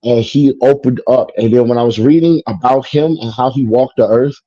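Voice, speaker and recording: Guy from chicago telling his story, acts out what people said, lots of you know, warm mellow voice, a bit muffled and dry. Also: mid-range voice, moderate pace, dry recording. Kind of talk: casual personal storytelling. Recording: slightly muffled dry recording.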